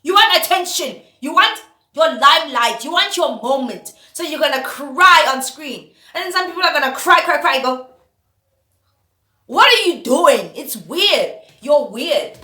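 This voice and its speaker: A woman's voice: sits high, animated, moderate pace, bright, forceful tone, roomy sound. A woman vlogging an opinion rant to camera, exasperated and firing off repeated rhetorical questions. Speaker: vlogger host.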